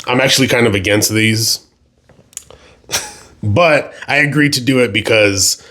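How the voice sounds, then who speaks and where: A young man co-hosting a podcast, chatting casually and telling animated, swear-heavy stories that get loud when he is indignant. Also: mid-range voice, a little slow. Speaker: podcast co-host. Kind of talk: casual chat.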